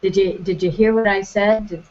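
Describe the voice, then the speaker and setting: A woman's voice: mid-range voice, steady tone, moderate pace, darkish tone, muffled recording. A woman taking part in an online class, answering with hesitant, filler-heavy sentences. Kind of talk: class participation. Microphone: video call.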